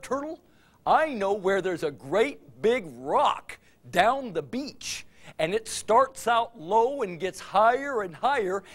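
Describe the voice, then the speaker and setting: Guy putting on a breezy talky bird, kinda teasing, pitch swings around. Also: heavily acted.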